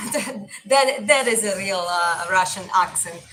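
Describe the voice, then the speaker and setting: A young woman with a mild Eastern European accent chats casually with viewers, answering their comments as she goes. Her voice is bright and clear at a middle pitch. A faint hum of noise sits behind her. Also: measured pace, poor audio. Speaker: livestream host and boxing coach.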